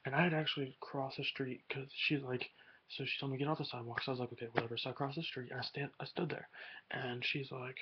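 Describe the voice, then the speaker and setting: A man's voice: medium pitch, flat delivery, fast, dull audio, background noise. A teenage boy rambling in a casual webcam vlog, slangy and swearing a lot. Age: teens. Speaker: vlogger.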